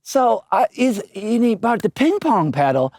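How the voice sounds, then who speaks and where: A man with a high, very lively voice tells comedic stories as a guest in a chat. He is animated, laughs often, and acts out the people he quotes. The sound is close and dry. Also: measured pace, dry recording. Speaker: guest musician. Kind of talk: comedic storytelling in casual chat.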